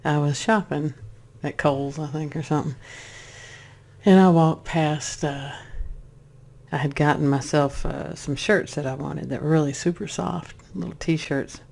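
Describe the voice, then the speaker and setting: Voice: mid-range voice, a little slow, creaky. A spiritual speaker telling a personal story in a casual way, rambling with restarts and acting out voices. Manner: animated, acts out voices in the story.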